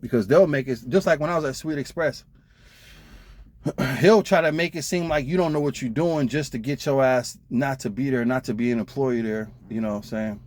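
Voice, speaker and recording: A man's voice: medium pitch, normal speed, a little mellow. Blunt, profane trucker man venting. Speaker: truck driver vlogger. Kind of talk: casual storytelling rant.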